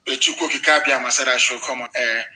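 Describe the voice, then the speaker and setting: A man giving a live broadcast address, talking in a commanding, forceful way and repeating short orders, his voice not fully recovered from illness. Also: medium pitch, steady tone, fast, reverberant, poor audio. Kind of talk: live online radio address.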